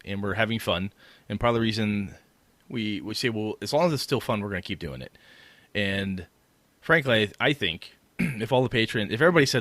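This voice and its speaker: A man's voice: on the low side, lively intonation, fairly quick, fairly bright tone, no echo. A middle-aged man co-hosting a gaming podcast, talking earnestly and rambling as he retells fan meetings. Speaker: podcast co-host. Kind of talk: casual podcast chat.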